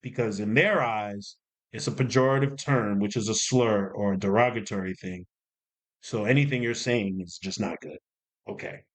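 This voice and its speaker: A man talking casually to camera as a commentary host, animated and repeating points for emphasis. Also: on the low side, moderate pace. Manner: animated, repeats himself for emphasis, jokey asides. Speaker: commentary YouTuber.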